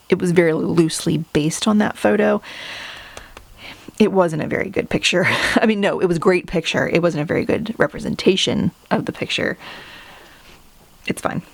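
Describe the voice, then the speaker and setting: A middle-aged woman walks through the pages of her sketchbook in a relaxed, chatty way, poking fun at her own work. Her voice sits low and carries a gravelly fry. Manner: chatty, self-deprecating, laughs at herself. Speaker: artist showing her sketchbook. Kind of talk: casual narrated flip-through.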